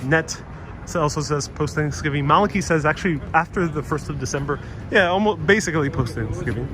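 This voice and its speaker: A man's voice: fairly high pitch, fairly quick. A man hosting a live stream while walking a city street, reading viewers' comments aloud and answering them in easy, friendly chat. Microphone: wireless clip-on mic. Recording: outdoor street noise. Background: city traffic.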